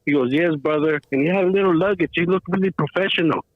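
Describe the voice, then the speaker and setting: High-pitched and rapid-fire, a man calling into a show tells a rambling, slangy story, saying "bro" constantly. The phone line sounds tinny, with no room sound.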